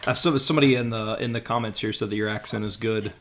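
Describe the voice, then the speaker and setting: A man's voice: fairly low pitch, quick pace, fairly bright tone. A man hosting a live podcast over a video call, chatting casually and reading out viewer comments. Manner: conversational, reads out viewer comments. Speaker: podcast host.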